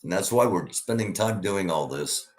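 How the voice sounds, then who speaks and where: A man's voice: low voice, expressive, normal speed. A man hosting a live news commentary show, talking sarcastically over clips he plays.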